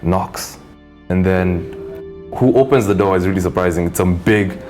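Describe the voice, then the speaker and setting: A young man from East Africa, a guest in a casual interview, telling a story in an animated way and acting out the voices of its characters. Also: low-pitched, normal speed, faint music behind. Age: young adult.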